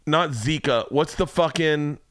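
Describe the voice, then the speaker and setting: A man's voice: on the high side, a little slow, no room sound, clean studio sound. A man hosting a podcast, telling a story in a casual chat, acting out the people he quotes and swearing freely. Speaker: podcast host. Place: home studio room.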